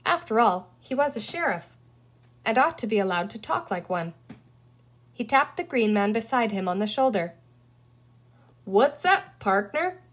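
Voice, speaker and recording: A woman reading a children's novel aloud with expressive storytelling. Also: medium pitch, moderate pace. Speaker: audiobook reader. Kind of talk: children's book read aloud.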